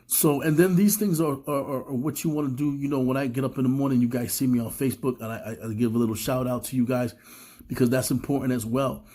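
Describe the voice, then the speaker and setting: A man's voice: mid-range voice, steady tone, quick pace, dark tone. A man giving a casual, rambling motivational talk to his viewers, slightly sick with a cough. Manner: rambling, repeats words, addresses viewers as guys. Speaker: self-help speaker.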